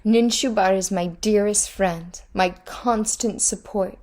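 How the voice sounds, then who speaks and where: A woman's voice: medium pitch, steady tone, takes it slowly, darkish tone, close to an everyday voice. A woman reading a defiant goddess queen. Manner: crying out.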